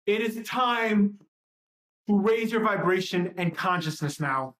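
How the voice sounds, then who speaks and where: A woman's voice: medium pitch, lively intonation, takes it slowly. A woman ranting during a livestream: heated and profane, firing off repeated rhetorical questions. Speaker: livestream host. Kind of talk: impassioned livestream rant.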